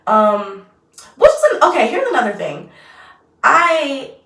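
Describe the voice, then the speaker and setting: A woman's voice: fairly high pitch, sing-song, slow, fairly bright tone. Chatty woman vlogging from across a roomy space. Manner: chatty, rambling, trailing off mid-sentence. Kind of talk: casual get-ready-with-me chat. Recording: roomy echo, mic at a distance.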